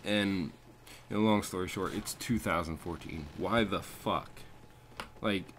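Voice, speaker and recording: A man's voice: low voice, measured pace, fairly bright tone, a little hiss or hum. A young man telling a story over gameplay, swearing and ranting in a casual way. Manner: profane, ranting. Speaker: landscaping crew leader.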